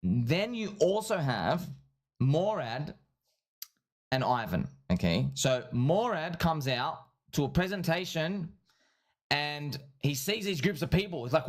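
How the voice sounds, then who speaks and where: A man hosting a livestream, giving rambling casual commentary in an excitable, repetitive way and calling his viewers friends and bro. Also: a little high, unhurried. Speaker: livestream host. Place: at home streaming.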